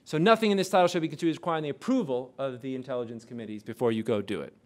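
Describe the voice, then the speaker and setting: A man lecturing a class, quizzing the audience with rapid questions. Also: medium pitch. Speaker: lecturer on intelligence oversight.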